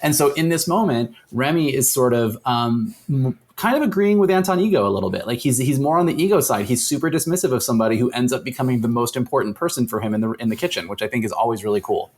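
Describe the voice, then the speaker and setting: A man co-hosting a podcast, talking about a film at an ordinary mid pitch. He is enthusiastic and sometimes rushes through a thought in quick bursts. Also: lively intonation. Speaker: podcast co-host. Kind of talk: casual film discussion.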